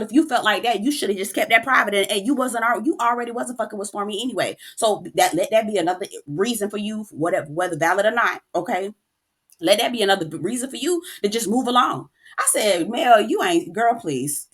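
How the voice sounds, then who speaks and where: A woman hosting a reality TV recap, talking in a casual, animated and sassy way, cursing freely and calling the listener "girl". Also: mid-range voice, slightly rough. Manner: profane. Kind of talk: casual opinionated recap rant.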